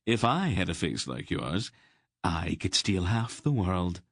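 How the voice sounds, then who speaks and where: A man voicing a sly, witty thief who talks in a smooth, ironic way. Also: sits low, sing-song, measured pace, dry recording, studio quality, full character voice. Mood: wry.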